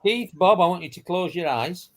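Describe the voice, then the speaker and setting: A man's voice: sits high, animated, moderate pace. A man trading jokes and telling a long anecdote in casual banter with friends.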